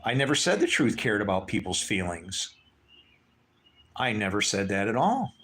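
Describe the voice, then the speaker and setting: A man's voice: lowish voice, very animated, normal speed, a bit bright, a little hiss or hum. A man livestreaming, ranting in a heated, preachy way with lots of profanity. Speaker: livestream host. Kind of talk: livestream rant.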